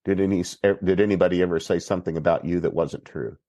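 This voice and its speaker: A man from Texas, a priest guest on a podcast, telling a story in an unhurried, plainspoken way. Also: low-pitched, steady tone, dark tone, no room sound. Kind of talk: recounting a story in conversation.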